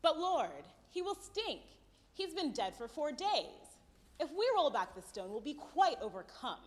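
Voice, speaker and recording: A woman voicing a fussy, squeamish grieving sister who complains in a high, sing-song hush. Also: big pitch swings, a little slow. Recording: distant, long hall reverb.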